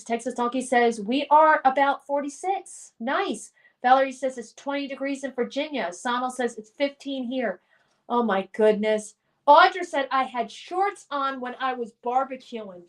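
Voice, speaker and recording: A middle-aged woman hosting a livestream from home, reading viewers' chat comments aloud and running a guessing game. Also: high voice. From Colorado. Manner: reads out chat messages and hosts a guessing game. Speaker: livestream host.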